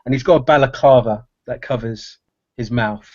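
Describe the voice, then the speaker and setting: A man playing a tabletop game, describing a character in a halting, animated way with many fillers. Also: mid-range voice, muffled recording. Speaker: player.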